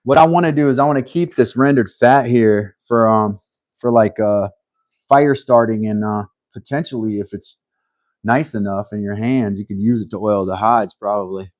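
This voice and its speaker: Hosting a laid-back live stream, this man talks through his work out loud in a lowish, somewhat mellow voice with no room sound. He is modest and hesitant, frequently starting over.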